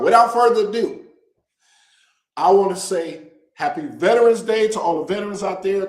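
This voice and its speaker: A man hosting a casual show, talking to viewers in an animated, joking way and drawing out words for emphasis. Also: high-pitched, roomy sound, low-quality recording. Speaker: host. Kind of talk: casual direct-to-camera promo talk.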